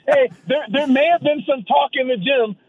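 A man's voice: very high voice, moderate pace, heavy background noise. A man calling in as a guest, chatting casually and telling long, rambling stories. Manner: rambling, storytelling. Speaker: guest amateur boxer. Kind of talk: casual chat. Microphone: phone line. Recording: tinny phone line.

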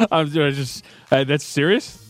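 A man's voice: on the high side, lively intonation, slow pace, soft background music. A man co-hosting a sports radio show, laughing easily and talking in long run-on thoughts. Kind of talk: casual sports talk.

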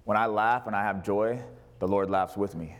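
A man preaching as pastor, passionate, moving between a raised voice and a hushed, tender delivery. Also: fairly low pitch, fairly even intonation, normal speed. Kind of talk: sermon.

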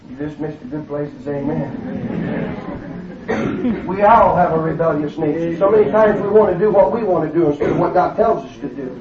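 A man's voice: a little high, fairly quick, a loud crowd. A man preaching a fervent, folksy sermon in a church, often calling out hallelujah. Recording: distant, roomy, dull sound.

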